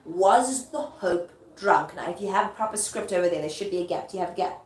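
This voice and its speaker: A woman's voice: fairly low pitch, a little hiss or hum. A woman teacher explaining Shakespeare in a casual, chatty lesson, often checking that her listener follows. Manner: chatty, checks understanding with quick asides. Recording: echoey room with faint ambience.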